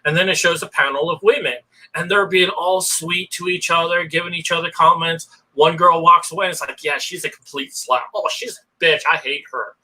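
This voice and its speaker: A man's voice: fairly high pitch, fairly even intonation, a little fast, hardly any pauses, sharp tone, rough recording. A man casually telling personal stories in an earnest, rambling way. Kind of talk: casual storytelling.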